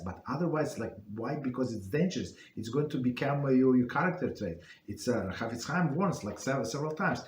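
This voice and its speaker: Halting man teaching a Torah class. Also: medium pitch, darkish tone, echoey room, slight background noise. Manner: halting, many fillers and restarts. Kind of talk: casual spoken Torah class.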